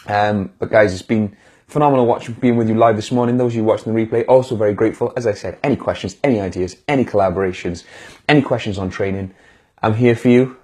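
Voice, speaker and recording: Male motivational speaker, live stream; warm, encouraging, speaks straight to viewers; slightly raspy. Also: on the low side, fast. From United Kingdom. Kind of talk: live-streamed casual pep talk.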